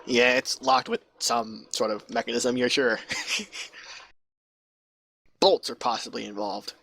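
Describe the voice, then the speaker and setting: A man's voice: mid-range voice, unhurried, creaky, fairly bright tone, slight background noise. A man narrating as game master over voice chat, in a loose, chatty way with many fillers. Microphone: online voice chat mic.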